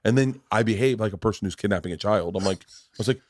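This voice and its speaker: A man's voice: on the low side, quick pace, no echo, clean studio sound. A man in his forties, a podcast host, telling family stories in casual chat, swearing freely and acting out the people in them. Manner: profane, animated storyteller acting out family members.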